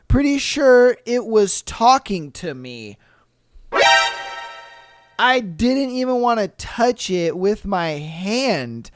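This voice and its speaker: A podcast host who reads listener stories aloud and reacts with loud laughter and plenty of swearing. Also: medium pitch, slow, no echo, studio quality, faint music behind. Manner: profane, laughing, animated reactions.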